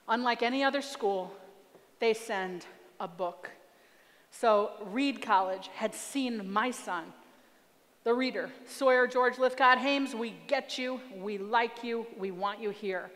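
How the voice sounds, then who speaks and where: A woman in her forties giving a storytelling talk as a guest speaker, animated and acting out family dialogue. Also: fairly high pitch. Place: large hall. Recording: reverberant hall.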